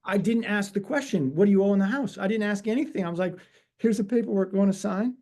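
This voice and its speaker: A man in his forties, a real estate broker, telling animated stories on a webinar interview and acting out the dialogue. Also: high-pitched, quick pace.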